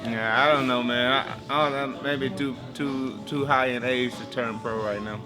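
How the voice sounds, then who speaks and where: A man's voice: mid-range voice, fairly even intonation, moderate pace, over music. A man joking and teasing through a casual interview. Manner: jokey, teasing. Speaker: camp member.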